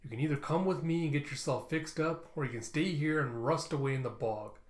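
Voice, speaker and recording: A man's voice: fairly high pitch, a little fast, roomy sound, lightly acted. A man voicing a grumpy, blunt old male loner in a comic readthrough. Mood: gruff. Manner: blunt, scoffing, louder.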